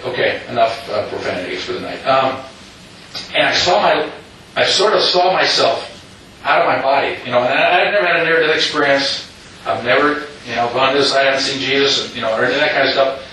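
A man's voice: medium pitch, brisk, sharp tone, slight background noise. Rambling man, echoey far-off hall. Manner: rambling, with frequent "you know" asides and restarts. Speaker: speaker telling his story. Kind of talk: personal story told to an audience. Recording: echoey hall, distant mic.

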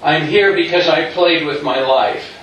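A man voicing a troubled man who speaks in a lowered, somber voice. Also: unhurried, fairly bright tone, slight background noise. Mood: despairing. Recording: very echoey hall, distant mic.

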